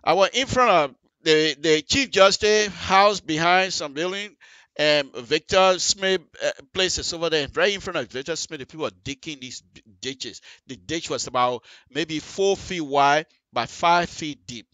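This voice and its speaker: A man hosting a live radio call-in show, talking high and bright with emphatic, animated delivery. He repeats phrases and speaks straight to his listeners. The sound is dry and close-miked. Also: unhurried, dry recording. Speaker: radio talk show host. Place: radio studio.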